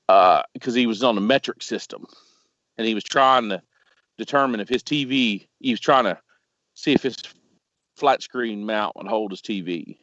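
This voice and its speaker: A man's voice: fairly low pitch, moderate pace. Profane rambling man on a call. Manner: profane, rambling, animated retelling. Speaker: podcast storyteller. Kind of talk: casual storytelling. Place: home, remote call. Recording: lo-fi with faint noise.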